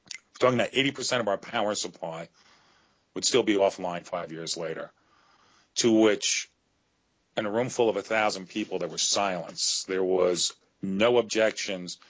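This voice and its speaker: A middle-aged man with a lowish voice talks as an interview guest. He lays out grave scenarios in an earnest, storytelling way. The audio is dull and lo-fi. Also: moderate pace. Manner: earnest storytelling, growing emotional. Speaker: author guest.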